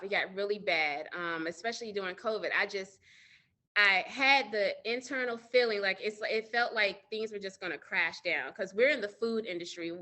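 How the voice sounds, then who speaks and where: A woman's voice: medium pitch, sharp tone. A middle-aged woman business owner, a guest telling her story earnestly in an interview and talking straight to listeners. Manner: earnest, addresses listeners directly as y'all.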